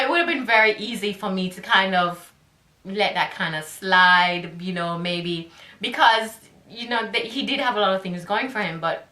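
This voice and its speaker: Bright-voiced Jamaican woman telling a story. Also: mid-range voice, roomy sound. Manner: animated, laughs often, rhetorical asides. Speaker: vlogger. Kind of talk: casual storytelling to camera.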